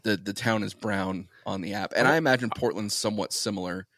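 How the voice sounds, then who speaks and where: A man's voice: fairly low pitch, a little fast, a bit bright, dry recording. Rambling male podcast co-host, dry sound. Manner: rambling, crude jokes. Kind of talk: casual banter.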